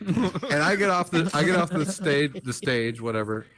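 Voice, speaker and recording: A man, a stand-up comedian co-hosting a podcast, telling stories in an animated, profane, casual way. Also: a little high, moderate pace. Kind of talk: casual chat.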